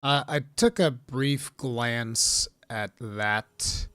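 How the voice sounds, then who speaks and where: A man's voice: medium pitch, very slow, clear, resonant tone, dry recording, clean studio sound. A man hosting a casual live stream, rambling through gaming news and reading chat aloud. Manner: rambling, reads chat aloud, bursts of laughing excitement.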